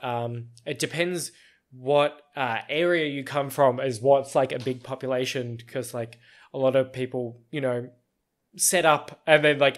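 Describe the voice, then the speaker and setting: A young man with an Australian accent chats casually on his own podcast, his voice sitting at an everyday middle pitch. He wanders from thought to thought, filling gaps with "um" and "like", and often breaks into small laughs. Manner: rambling, meandering, with frequent fillers and little laughs. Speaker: podcast host. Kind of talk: casual solo podcast chat.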